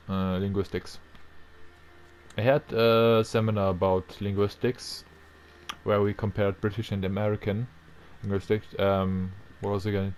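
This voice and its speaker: A young man giving casual commentary over a video game, rambling and thinking aloud, often trailing off and restarting. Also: on the low side. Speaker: let's-play commentator.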